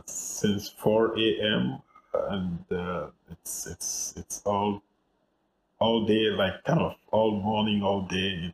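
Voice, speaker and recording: Ghanaian man in his fifties, very low voice, roomy office echo, measured and reflective guest. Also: a little mellow, slight background noise. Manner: measured, reflective, with frequent fillers. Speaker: guest journalist. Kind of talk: interview over a remote call.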